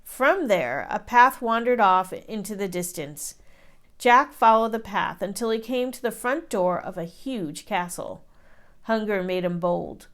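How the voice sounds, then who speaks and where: Expressive woman reading a picture book. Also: medium pitch. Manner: expressive, slow storytelling. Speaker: teacher reading to children. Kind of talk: children's book read-aloud.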